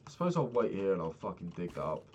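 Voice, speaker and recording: A young man chatting casually while playing a game, rambling and swearing, sounding low and sad. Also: very animated, fast talker, darkish tone, dull audio, slight background noise. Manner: swears often, rambling and candid. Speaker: Minecraft vlogger.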